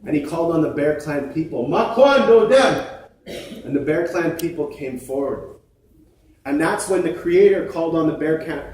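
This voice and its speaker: Male storyteller-emcee, slightly high voice, booming hall reverb, far mic. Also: slight background noise. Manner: measured, animated storytelling with playful asides. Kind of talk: oral storytelling on stage. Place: large theatre stage. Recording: echoey theatre from far off.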